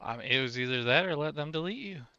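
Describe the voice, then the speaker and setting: A man's voice: on the high side, lively intonation, quick pace, pushed and bright, dry recording. A man chatting casually with an AI companion while streaming a game, often stumbling and restarting his words. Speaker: gaming streamer. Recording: dull lo-fi mic.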